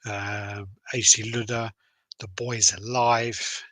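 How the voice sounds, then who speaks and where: A man's voice: on the low side, flat delivery, slow pace, bright, forceful tone, no room sound, low-quality recording. A man hosting a casual podcast, swearing freely and rambling through stories. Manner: swears freely, loose storytelling with fillers. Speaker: podcast host.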